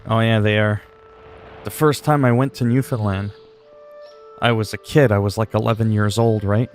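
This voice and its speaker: Forties male streamer, lowish voice, loose rambling chat with crude jokes, faint music under. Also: fairly even intonation, moderate pace. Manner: rambling, crude joking asides. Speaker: game streamer. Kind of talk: casual livestream chat.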